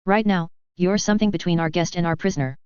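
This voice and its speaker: A woman narrating puts on a stern, wary warrior woman who questions a stranger bluntly in a fantasy storybook reading. The voice is smooth and low-pitched, close to the narrator's own. The recording is dry and slightly lo-fi. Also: fast, a little mellow, no room sound, natural voice. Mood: suspicious.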